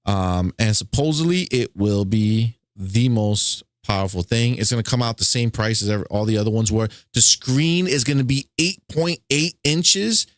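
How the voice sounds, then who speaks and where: Male gaming podcast co-host, mid-pitched, excitable, dry close sound. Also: normal speed, hardly any pauses, no room sound. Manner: excitable, reads news items with fillers. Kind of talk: casual gaming news chat.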